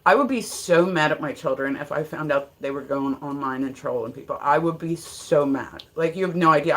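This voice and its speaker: A woman's voice: deep voice, fairly quick, hardly any pauses. Blunt, swearing livestream woman from Ohio. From Ohio, USA. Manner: blunt, swears freely, greets chat by name. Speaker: livestream host. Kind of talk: casual live-stream chat.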